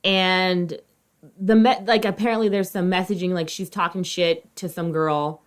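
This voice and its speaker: A woman in her thirties co-hosting a podcast, talking in a loose, chatty way. Her voice sits a little low, and she is expressive and swears freely, getting louder and then quieter as she goes. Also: moderate pace, clean tone. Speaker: podcast co-host. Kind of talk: casual chat.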